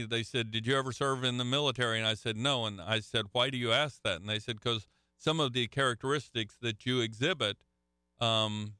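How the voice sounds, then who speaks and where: A middle-aged man preaching a sermon with a bright, crisp voice. He tells folksy stories and keeps restarting his phrases. The sound is dry and close. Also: mid-range voice, dry recording. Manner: folksy storytelling with frequent restarts. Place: church hall with a live audience.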